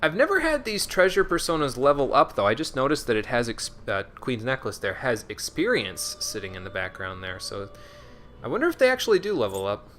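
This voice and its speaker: A man gives casual commentary while streaming a game, answering chat and laughing at himself. His voice is bright and his pitch moves a lot. Faint game music runs underneath. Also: sing-song, brisk. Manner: chatty, answers chat, self-deprecating with restarts.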